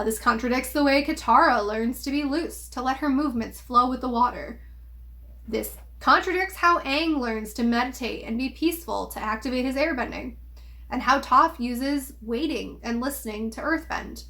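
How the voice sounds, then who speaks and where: A young woman giving an opinionated, emphatic video commentary, pausing often with ums. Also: high voice, sharp tone. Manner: critical, emphatic, with frequent ums. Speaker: video essayist.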